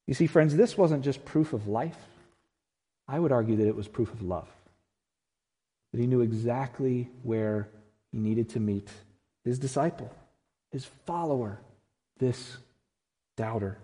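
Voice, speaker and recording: A man's voice: medium pitch, a little slow, long pauses. Emphatic male pastor in a reverberant church. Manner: emphatic, swinging from loud to hushed and intimate. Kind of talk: Easter sermon. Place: church sanctuary.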